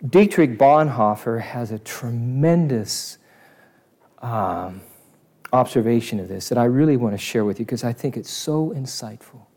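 A man delivers a sermon in a middle-pitched voice. He preaches with lively energy, acts out the voices of the crowd, and swings between loud outbursts and near-whispered asides. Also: a little slow.

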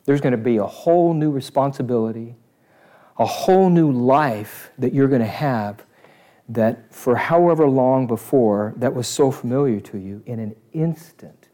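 Animated man preaching a sermon. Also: medium pitch, normal speed. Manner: animated, acts out crowd voices, swings from loud to hushed.

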